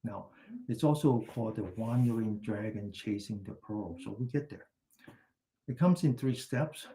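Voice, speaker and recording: Man, meditation teacher, mellow warm tone, gentle slow instructions, chatty asides. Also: lowish voice. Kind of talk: guided exercise and anecdote in a class.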